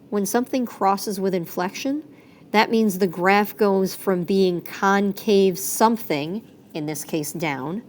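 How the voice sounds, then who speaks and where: A woman's voice: medium pitch, slow pace, a little mellow, a little hiss or hum. A woman teaching a math lesson in a chatty, playful way, correcting herself as she goes. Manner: chatty, self-correcting, playful sound effects.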